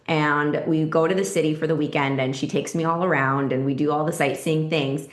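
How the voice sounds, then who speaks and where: A woman guest on a faith podcast, telling her story in a candid, animated and emotional way. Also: brisk, hardly any pauses, roomy sound. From Florida. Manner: animated, emotional, rises high when excited.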